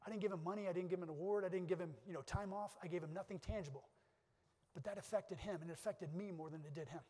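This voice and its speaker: Fast-talking high-voiced man in a hall. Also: a little mellow. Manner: earnest storytelling with repeated restarts. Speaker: keynote speaker. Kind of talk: motivational speech with personal stories. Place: conference hall. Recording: long hall reverb.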